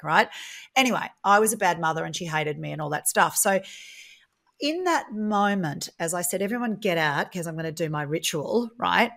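A woman, a guest in a casual interview, telling stories in a chatty, animated way and acting out the dialogue she quotes. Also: medium pitch, normal speed, gravelly. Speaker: guest, property business founder.

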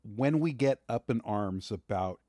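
A man's voice: fairly low pitch, lively intonation, measured pace, mellow, dry recording, studio quality. A man co-hosting a podcast, arguing his point passionately and raising his voice in a heated debate. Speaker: podcast co-host.

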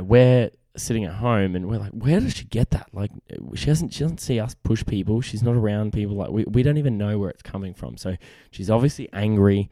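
A young man with a low, mellow voice chats casually on his podcast, rambling and poking fun at himself. The sound is dry and close, with no room echo behind him. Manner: rambling, self-deprecating, lots of "you know". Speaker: podcast host. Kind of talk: casual chat.

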